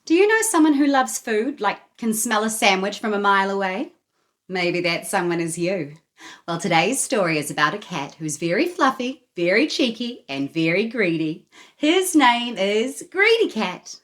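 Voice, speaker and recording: A woman reading a picture book aloud to children in an expressive, sing-song, inviting way. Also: mid-range voice, normal speed. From New Zealand. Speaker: children's storyteller. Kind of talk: read-aloud storytime for children.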